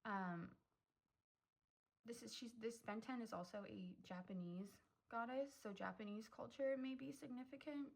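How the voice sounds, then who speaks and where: A woman's voice: on the high side, moderate pace, gravelly, low-quality recording. A young woman giving a casual pick-a-card tarot reading, chatty and effusive, filling her talk with "um" and "like" and getting emotional. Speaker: tarot reader.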